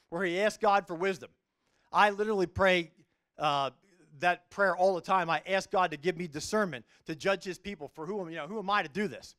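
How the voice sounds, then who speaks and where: Brief: middle-aged man, judge giving a faith talk, high voice, earnest animated storyteller. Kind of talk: faith-based speech to a business group.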